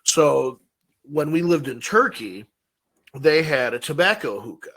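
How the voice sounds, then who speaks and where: A man's voice: fairly high pitch, expressive, measured pace, fairly bright tone. A man co-hosting a podcast, telling rambling stories in casual chat with lots of fillers. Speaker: podcast co-host.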